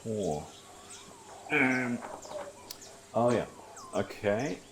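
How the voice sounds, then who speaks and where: A man's voice: medium pitch, animated, extremely slow, noisy background. A man acting as game master, running a tabletop role-playing session with short, clipped rulings.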